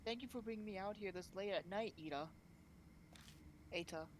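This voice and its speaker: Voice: mid-range voice, moderate pace, lightly acted. Small polite girl out at night read by a player, faint hiss behind. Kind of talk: voicing a visual novel live.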